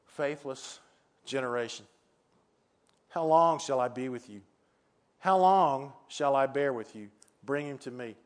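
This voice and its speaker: A calm and solemn Jesus, voiced by a preacher reading aloud. The delivery is measured and grave, slightly lower and softer than his usual speech. Each phrase is spoken slowly and with weight. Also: close to an everyday voice.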